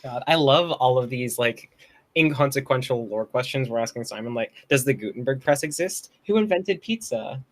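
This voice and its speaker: A man's voice: mid-range voice, lively intonation, normal speed. A man playing a tabletop game, talking in a laid-back way with lots of fillers. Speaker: player. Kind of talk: casual tabletop play.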